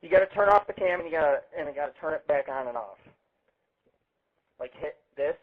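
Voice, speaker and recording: Loud-mouthed guy hosting a webcast radio show, husky kinda high voice, swears nonstop, sounds tinny like a phone line. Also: lively intonation, fairly quick. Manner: brash, boastful and heavily profane. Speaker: host of a live internet radio show. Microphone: webcam setup.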